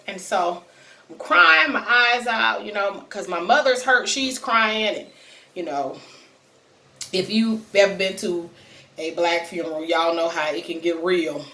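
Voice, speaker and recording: A woman chats straight to her viewers as she tells a personal story, talking easily and filling the pauses as she goes. Her voice sits in the middle of the range. She is a little away from the mic, so the sound comes across roomy and reverberant. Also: mid-range voice, bright, forceful tone, recorded from a distance. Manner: chatty, addresses viewers directly, many fillers. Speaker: vlogger sharing a personal story. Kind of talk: casual storytelling to camera.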